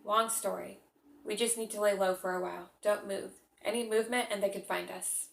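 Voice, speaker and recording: A woman reading the lines of a troubled young man on the run, in her own soft, earnest voice. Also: medium pitch, steady tone, a little fast, creaky, echoey room, close to an everyday voice. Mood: urgent.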